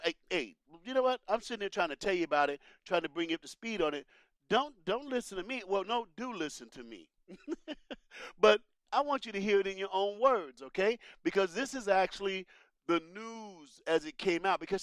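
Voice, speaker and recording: A high-voiced man hosts a laid-back commentary show. He talks straight to his listeners with a preachy, animated delivery, his pitch swinging widely. The recording is dry and close, with no room sound. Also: dry recording. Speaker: political commentary host. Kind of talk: casual political commentary.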